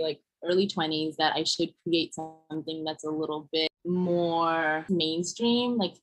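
A young woman talks casually about her work as a designer, with her words full of fillers. Her voice sits low and sounds a little husky. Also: fairly bright tone, rough recording. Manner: chatty, with many fillers like "like" and "you know". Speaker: fashion designer guest. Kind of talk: casual storytelling in a podcast interview.

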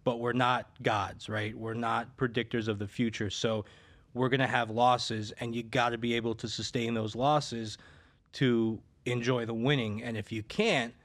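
A man of middle pitch talks casually as a betting advisor. He tells his stories loosely, starting over and filling gaps with little sounds. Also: fairly bright tone. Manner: storytelling, many restarts and fillers. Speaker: sports betting handicapper. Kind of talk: casual podcast chat.

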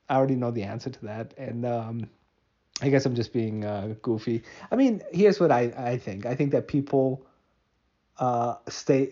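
A man's voice: mid-range voice, mellow, slightly rough, lo-fi sound. Rambling self-mocking male podcast host. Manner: rambling, self-mocking, frequent fillers and restarts; laughs often at himself. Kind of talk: solo podcast monologue.

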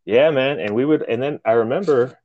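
Here a podcast co-host with a mid-range voice talks a little fast over lo-fi audio with slight background noise. He tells his story in a loose, animated way, cursing plenty and performing the quoted lines.

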